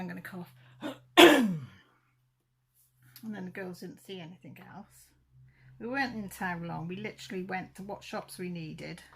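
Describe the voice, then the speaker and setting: A woman's voice: lowish voice, gravelly, fairly bright tone, a little hiss or hum. A middle-aged woman chatting casually to camera, rambling and correcting herself as she goes. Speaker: crafting vlogger.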